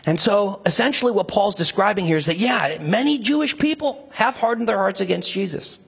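Man, pastor, sermon, impassioned, high voice, gravelly. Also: expressive, brisk. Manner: impassioned, rising to emphatic high pitch when stirred.

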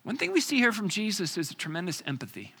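Expressive, bright-voiced male preacher. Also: high-pitched, gravelly, breathy edge. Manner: dramatic pauses and rhetorical questions; swings from loud emphasis to hushed near-whispers. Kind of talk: sermon.

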